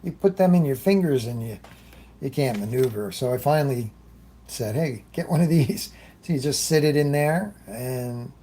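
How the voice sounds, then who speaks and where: Man, live painting demo host, unhurried, warm low-key tone, rambling, talks while working. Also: slight background noise. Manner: rambling, chatty, greets viewers by name. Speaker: airbrush artist hosting a livestream. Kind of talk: casual live demonstration.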